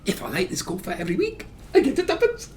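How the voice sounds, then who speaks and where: A man voicing a small boy of about eight who is pleading and near tears, in a high, thin, whiny voice. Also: wildly swooping pitch, quick pace, darkish tone, distant mic. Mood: eager.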